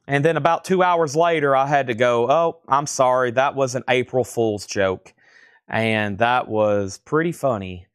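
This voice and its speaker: A man runs a live record sale, calling out titles and prices in quick, practiced patter. He breaks off now and then for friendly, rambling asides to his viewers. His voice sits in a middle pitch and sounds close and dry, with no room echo. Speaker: live-stream record seller.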